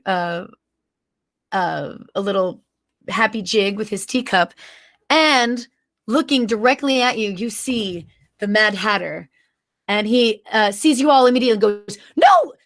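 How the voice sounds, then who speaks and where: A woman's voice: medium pitch, unhurried, fairly bright tone. A woman game master narrating a tabletop game, rambling and searching for words as she goes.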